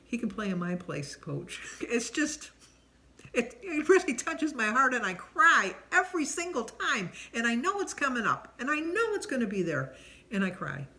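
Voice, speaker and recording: A woman's voice: sits high, big pitch swings, moderate pace, pushed and bright. Chatty middle-aged woman rambling on camera. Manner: chatty and rambling, many ums. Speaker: vlogger answering a tag questionnaire. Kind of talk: casual chat.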